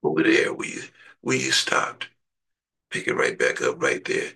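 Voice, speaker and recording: An impassioned male preacher with a very deep, gravelly and husky voice. His pitch swings widely as he surges from hushed prayer to shouting. He sounds a little distant from the mic. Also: very animated, unhurried. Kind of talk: sermon with prayer.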